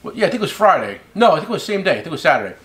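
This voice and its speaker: A man's voice: high voice, big pitch swings, rapid-fire, fairly bright tone. A middle-aged man hosting his own show, telling a long story in a loose, rambling way and swearing casually. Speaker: host and tool company owner.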